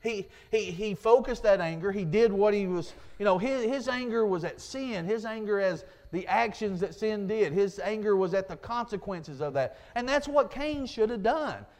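A man's voice: sits high, normal speed, few pauses. A man preaching a sermon, earnest and repetitive, quoting scripture and restarting his sentences.

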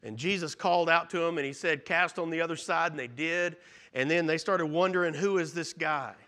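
A male pastor preaching with a high, bright, forceful voice. He retells scripture earnestly, rising to loud emphasis and dropping to hushed tones. The delivery is sermon-style throughout. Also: brisk.

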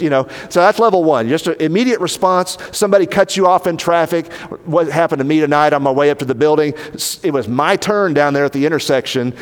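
A man preaching a sermon as pastor, earnest and animated, sometimes dropping to a low, slow voice for emphasis. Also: in a large hall.

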